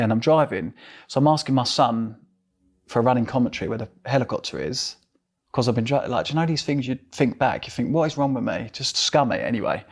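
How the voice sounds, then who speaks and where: Essex man telling a story. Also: mid-range voice. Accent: Essex English. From England. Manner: animated storyteller acting out dialogue. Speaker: interview guest. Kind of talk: storytelling interview.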